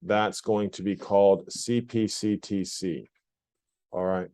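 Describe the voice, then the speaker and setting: A man's voice: on the low side, fairly even intonation, slow pace, darkish tone. A man teaching a geometry lesson in a classroom, often repeating points and asking the class questions. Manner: repetitive, questioning the class, plainspoken. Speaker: math teacher. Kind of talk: classroom lecture.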